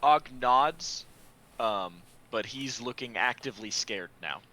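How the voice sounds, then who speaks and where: A man plays a tabletop role-playing game, describing his character's actions with some hesitation. His voice is bright and forceful, at a middling pitch for a man. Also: expressive, slow, no room sound. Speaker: player.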